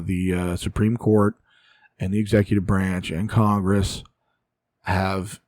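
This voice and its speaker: Exasperated man, low dry voice. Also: dark tone, no echo. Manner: exasperated, ranting, sighs often. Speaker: political commentary host. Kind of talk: casual solo commentary.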